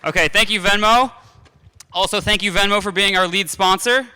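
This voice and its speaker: A man emceeing an awards segment, brisk and businesslike. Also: high voice, pushed and bright, long reverb tail, slight background noise. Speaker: event organizer and emcee.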